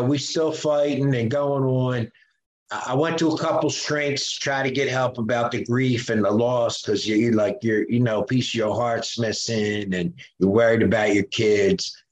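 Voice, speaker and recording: In a mid-range voice, an older Philadelphia man tells stories as a podcast guest. He's lively, voicing the people he quotes and dropping in lots of fillers, with a roomy sound to the recording.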